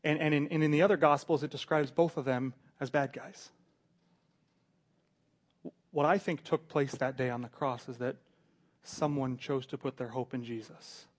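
A man preaching a sermon, earnest, repeating words and swinging between quiet, intimate stretches and loud emphasis. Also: mid-range voice, steady tone, normal speed, long pauses.

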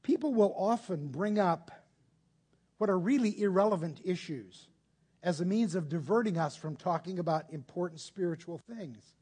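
A man's voice: high-pitched, animated, moderate pace, a little mellow, slightly rough. A man preaching a conversational sermon, explaining patiently and putting rhetorical questions to his listeners.

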